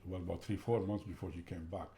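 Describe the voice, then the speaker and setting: A man, a father and carer, speaking in an interview in a halting way and often saying "you know". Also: low-pitched, fairly even intonation, dark tone.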